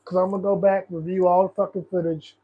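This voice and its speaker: A man's voice: sits high, little pitch movement, quick pace, phone-quality sound. A young man hosting a casual political livestream, ranting in a profane, frustrated, rambling way. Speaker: host.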